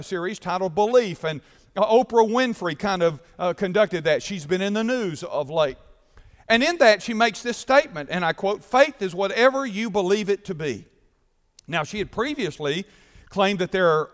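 A man preaches a sermon with a notably high-pitched voice. He delivers it emphatically and stumbles through fillers and restarts. His voice rings with the long reverb of a large hall. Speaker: pastor.

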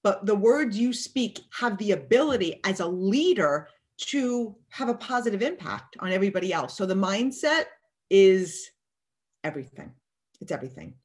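A woman's voice: mid-range voice, lively intonation, normal speed, hardly any pauses. A woman as an interview guest, talking emphatically about mindset and acting out people's thoughts in quotes. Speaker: guest speaker. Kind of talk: motivational interview talk.

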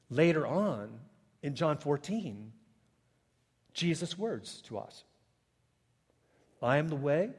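A man preaching a sermon as a pastor, swinging between loud emphatic peaks and hushed, quiet passages. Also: high voice, big-room sound. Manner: dynamic preaching, swelling loud then dropping soft.

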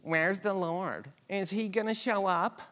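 A man's voice: high voice, a little slow, fairly bright tone, pitched above the performer's own voice. A man doing a whiny, doubtful wanderer. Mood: whining. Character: whining complaining wanderer, adult man.

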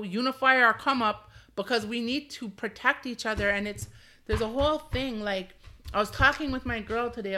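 A Canadian woman, probably in her thirties, hosts her own casual solo podcast. Her medium-pitched voice is pushed and bright, and she rambles candidly, laughing often and filling gaps with "like".

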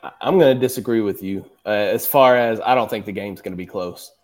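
A man's voice: on the low side, fairly quick. A man co-hosting a casual sports chat, confident and teasing as he makes his picks. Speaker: podcast co-host.

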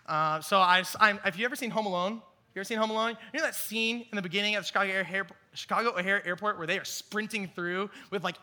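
High, bright-voiced young preacher. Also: male voice. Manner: energetic storytelling, animated and self-mocking. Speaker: youth ministry teacher. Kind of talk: youth sermon with personal story.

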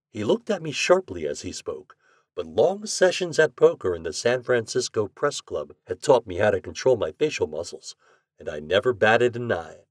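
A man narrating a first-person story in an audiobook, with low subdued asides. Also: big pitch swings, moderate pace, dry recording, studio quality.

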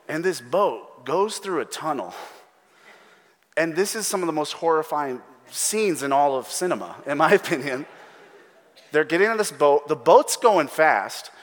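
A man preaching a sermon as pastor, telling a story with lively asides, laughs and acted-out quotes. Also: high voice. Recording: long hall reverb.

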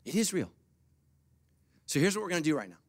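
A middle-aged man preaching a sermon as pastor, swinging from quiet, confiding asides to loud, high-pitched bursts. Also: sing-song, fast, no room sound.

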